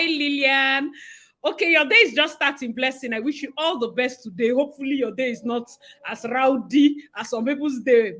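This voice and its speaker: Young Nigerian woman, livestream host; high, bright, chatty, quick to laugh. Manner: chatty, greets viewers by name, laughs often. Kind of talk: casual live-stream chat.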